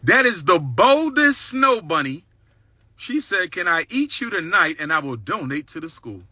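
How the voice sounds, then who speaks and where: Bright, high-pitched man boasting on a livestream. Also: sing-song, normal speed, no echo, studio quality. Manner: bold, boastful preaching cadence, repeats lines for emphasis. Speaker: livestream host. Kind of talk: livestream talk.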